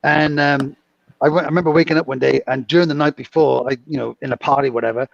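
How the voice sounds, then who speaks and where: A man in his fifties telling stories in a casual chat, animated and laughing often. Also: fairly high pitch, quick pace, vocal fry, no echo, dull audio. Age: 50s.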